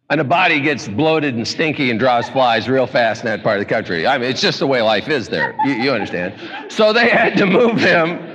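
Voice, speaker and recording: A man preaching a folksy, joking sermon, telling stories in an animated way. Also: high voice, slight background noise. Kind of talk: comedic sermon. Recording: echoey hall.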